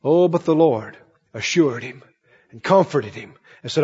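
A man's voice: mid-range voice, lively intonation, brisk, dark tone, husky, in a large hall, highs cut off. A male pastor preaching a sermon in a church, acting out the voices of Bible figures as he goes.

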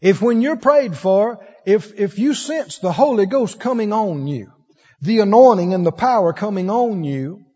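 Preaching a sermon in a church, a man tells stories animatedly, acting out the characters' voices and laughing often. His voice is high-pitched, unhurried and husky, and the recording sounds dull and echoey, as in a church hall.

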